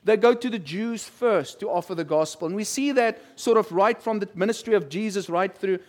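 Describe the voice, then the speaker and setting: High-voiced man preaching casually. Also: fairly quick. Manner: conversational storytelling with quoted voices. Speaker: pastor. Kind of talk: sermon.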